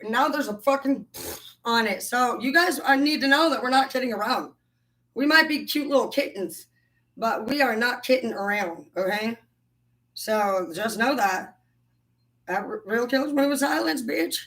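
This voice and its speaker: Young female livestream host with a bright tone, rambling and cursing. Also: on the high side, lively intonation, moderate pace, rough recording. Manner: profane, heated, rambling. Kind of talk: casual livestream rant.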